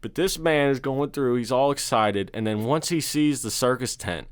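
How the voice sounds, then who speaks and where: A man's voice: medium pitch, normal speed, smooth. A man co-hosting a podcast, reacting to a film in earnest, rambling casual chat. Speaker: podcast co-host.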